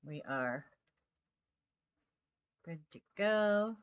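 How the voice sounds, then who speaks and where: A woman's voice: fairly low pitch, animated, extremely slow, dull audio. A woman streaming a game, chatting casually and baby-talking to her cat. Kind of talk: casual live-stream chat.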